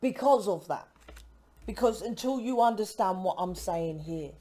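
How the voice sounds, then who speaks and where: Woman tarot reader from the UK, mid-pitched, talks in emphatic rambling runs and checks in with "right?" all the time. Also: expressive, a little slow, dark tone. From United Kingdom. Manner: emphatic, rambling, cuts herself off mid-word; keeps asking "right?" for agreement. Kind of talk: casual tarot reading to camera.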